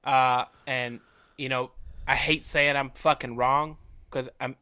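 A man's voice: mid-range voice, level tone, takes it slowly, pushed and bright, clear, resonant tone. A man co-hosting a podcast in casual chat, earnest and reflective, restarting his sentences often. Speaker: podcast co-host.

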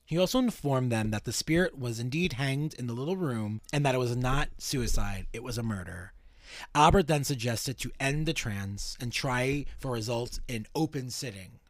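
A man's voice: mid-range voice, normal speed, no echo. A man hosting a podcast and summarizing a story casually, with fillers and the odd swear. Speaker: podcast host.

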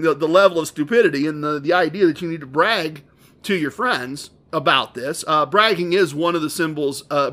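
A man's voice: sits high, a bit bright. A man hosting a podcast, telling a casino story with dry, wry, self-deprecating asides. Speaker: podcast host. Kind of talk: casual storytelling.

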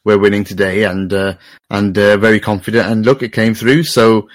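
A man's voice: fairly low pitch, level tone, normal speed. A man co-hosting a football call-in show, hesitating with many fillers and trading dry banter. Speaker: co-host and producer. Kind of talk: casual football chat.

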